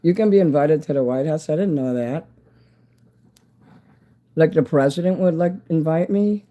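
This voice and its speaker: Greeting viewers by name, a man who calls himself an entertainer chats idly on a livestream about anything that occurs to him. He sounds mellow and a little high, at a moderate pace.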